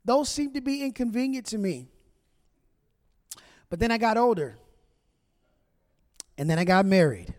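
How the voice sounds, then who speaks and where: A man with a high-pitched, expressive, slightly mellow voice preaches a humorous sermon as pastor, moving at a measured pace with frequent pauses. He jokes and chats directly with his congregation, and the recording carries a large hall's long reverb.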